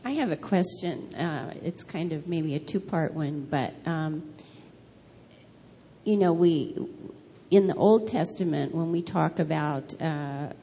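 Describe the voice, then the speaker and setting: A woman in a class asking a question in a halting, hesitant way, with many fillers. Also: sits low, dark tone, long reverb tail, highs cut off, a little hiss or hum.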